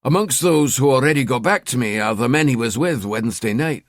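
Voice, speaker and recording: A man's voice: mid-range voice, expressive, brisk, dry recording, studio quality, close to an everyday voice. A man voicing a cheeky, sardonic male police detective in an audiobook. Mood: wry. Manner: wry, chatty.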